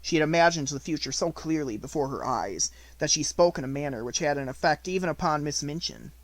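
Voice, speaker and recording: A man reading a classic novel aloud as an audiobook narrator, in a steady, even storytelling voice. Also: fairly high pitch, brisk, no room sound, rough recording.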